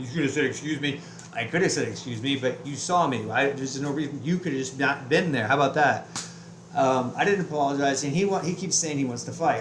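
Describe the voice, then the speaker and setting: A man's voice: fairly high pitch, fairly quick, a bit bright, reverberant, slight background noise, rough recording. A man telling a heated, profane story about his day in a casual vlog rant, full of restarts. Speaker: vlogger. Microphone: webcam.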